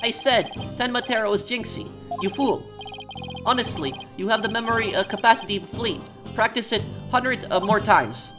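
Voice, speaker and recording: A woman's voice: on the high side, normal speed, music in the background, voice pushed up, lightly acted. A woman voicing a pompous, condescending man with a put-on French accent in a game playthrough. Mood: scolding. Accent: mock French. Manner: theatrical, condescending. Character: pompous high-voiced male French-accented schemer.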